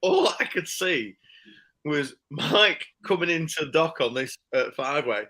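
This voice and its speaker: A man telling a casual anecdote, animated and laughing as he acts out the people he quotes. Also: a little high, a little slow, poor audio. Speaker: storyteller.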